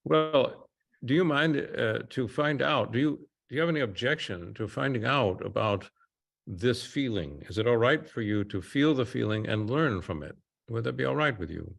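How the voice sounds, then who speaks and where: A man working as a therapist, guiding a client through a slow, soothing body-awareness exercise. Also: mid-range voice, animated, creaky. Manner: slow, soothing guided instructions. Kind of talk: guided therapy session.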